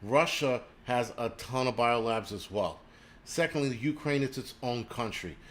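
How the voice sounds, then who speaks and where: An angry man rants on a livestream, swearing constantly and talking straight at his viewers. He breaks off now and then to read out comments and donations. His voice sits at an ordinary mid pitch for a man. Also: measured pace. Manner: angry, profane, ranting; reads viewer names and donations aloud. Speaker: livestream host. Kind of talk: profane livestream rant.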